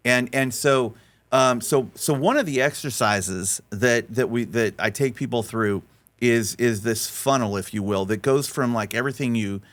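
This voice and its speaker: A man speaking on a podcast, telling a story in an animated way and repeating words as he restarts his sentences. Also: normal speed. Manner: animated storyteller, voice rising high when acting out quotes. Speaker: faith-based life coach and podcast guest.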